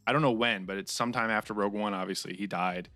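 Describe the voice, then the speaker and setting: A man's voice: fairly low pitch, fairly even intonation, quick pace, sharp tone, no room sound, faint music behind. A man co-hosting a casual comedy podcast, giving blunt opinions and swearing casually as he reads out chat questions. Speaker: podcast co-host.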